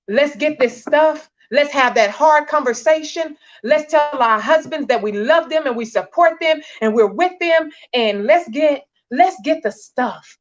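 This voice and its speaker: A woman coaching wives on faith and marriage in an earnest, exhorting tone, repeating her key phrases for weight. Her voice sits a bit high. The sound is dull and lo-fi, like an online stream. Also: lively intonation, unhurried. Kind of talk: faith-based talk to wives.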